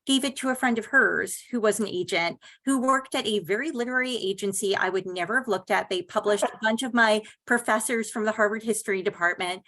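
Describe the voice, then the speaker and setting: A middle-aged woman novelist on a panel, telling a lively anecdote about her career. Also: mid-range voice, a little fast, few pauses. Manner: animated anecdotal storytelling. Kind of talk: panel discussion storytelling.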